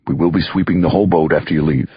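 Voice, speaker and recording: A man's voice: a bass voice, racing, husky, dry recording, muffled recording, heavily acted. A man voicing a brash, streetwise middle-aged male lawyer with a Brooklyn accent in an audiobook. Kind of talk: audiobook character voice.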